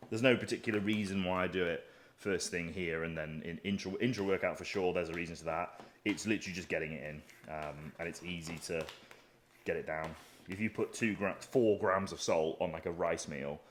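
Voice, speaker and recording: A man's voice: low-pitched, a little hiss or hum. A man in his thirties chatting casually and cursing freely while making a meal for his fitness vlog. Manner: chatty, profane and offhand. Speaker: bodybuilding vlogger.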